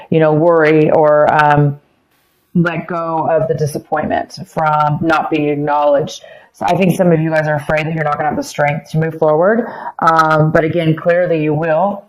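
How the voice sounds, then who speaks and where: A woman with a slightly low voice talks through a tarot reading, circling back over her phrases with plenty of ums. She is losing her voice as she goes. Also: darkish tone, rough recording. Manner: rambling, repeats phrases, many ums. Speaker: tarot reader. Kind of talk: casual tarot reading to camera.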